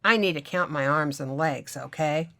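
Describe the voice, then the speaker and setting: An easygoing young man with a smooth Southern drawl, deep and unhurried, who teases gently and stays friendly, as a woman with a low voice reads him aloud. He is a storybook character, relaxed and charming.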